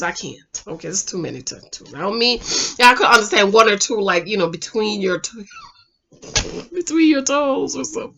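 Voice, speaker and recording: A woman recapping a TV dating show in casual, animated chat, laughing often and speaking directly to the women watching. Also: mid-range voice. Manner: animated, chatty, laughs often, addresses viewers as "ladies".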